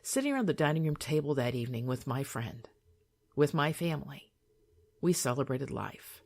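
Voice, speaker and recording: An older woman reading her own memoir aloud in a calm, soothing, measured way. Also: a bass voice.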